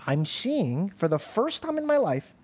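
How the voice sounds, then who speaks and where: A man telling a story on his podcast in a loose, animated way, with lots of swearing and "bro." His voice sits a little high for a man. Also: unhurried, breathy edge. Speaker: podcast host. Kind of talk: casual storytelling chat.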